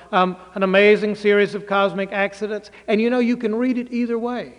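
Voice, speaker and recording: A man preaching a sermon, dramatically swinging between loud declaiming and hushed low phrases. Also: flat delivery, a little fast, hardly any pauses. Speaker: pastor. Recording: reverberant hall.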